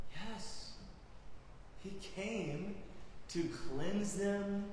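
Man, pastor, sermon, high voice, emphatic swings from loud to hushed, long hall reverb. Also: animated, slow, a little hiss or hum. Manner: emphatic preaching, rising loud then dropping quiet. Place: church sanctuary.

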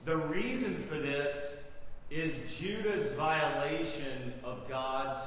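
A man's voice: fairly high pitch, slow, fairly bright tone, a little hiss or hum. A man preaching a sermon as pastor, earnest, with dramatic emphasis when he voices the prophet's cries. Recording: echoey hall from far off.

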